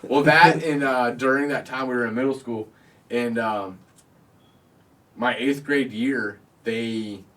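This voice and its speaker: A man's voice: mid-range voice, steady tone, takes it slowly, fairly bright tone, far from the mic. A man hosting a podcast, telling a crude story from his youth in casual chat, swearing and laughing often. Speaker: podcast host.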